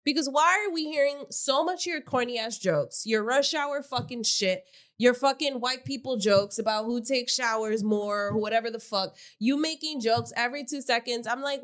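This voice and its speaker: A woman's voice: a little high, normal speed, fairly bright tone. A young woman co-hosting a podcast, talking heatedly and profanely and asking rhetorical questions in casual reality-TV commentary. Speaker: podcast co-host.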